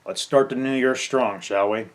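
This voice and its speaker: A man's voice: mid-range voice, normal speed. A gaming content creator venting in an angry farewell rant, swearing and stumbling over his words.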